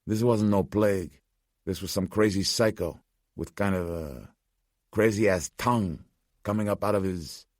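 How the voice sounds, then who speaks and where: A man's voice: low voice, unhurried, darkish tone, no echo, clean studio sound, pitched above the performer's own voice. A man voicing a defensive, profane young street thug. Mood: agitated.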